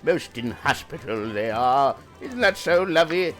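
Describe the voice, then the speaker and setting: A man's voice: mid-range voice, animated, unhurried, fairly bright tone, soft background music, pitched above the performer's own voice. A man voicing a chatty old figure by a fire, doting and sing-song.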